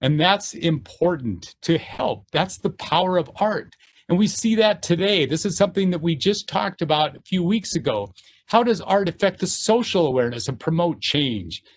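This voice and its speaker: Earnest halting man giving a lecture. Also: fairly high pitch, lively intonation. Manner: earnest, halting with fillers and restarts; reads course text aloud in lists. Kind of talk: university lecture.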